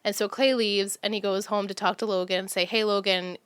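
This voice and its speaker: Podcast co-host, woman, conversational, reads from her notes with easy laughs; smooth tone, dry room. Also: mid-range voice, steady tone, fairly quick, dry recording. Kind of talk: casual chat about a TV show.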